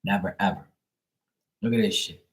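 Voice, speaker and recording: A man chatting casually on a tarot livestream, telling stories in a profane, animated way. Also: deep voice, normal speed, poor audio. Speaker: tarot reader.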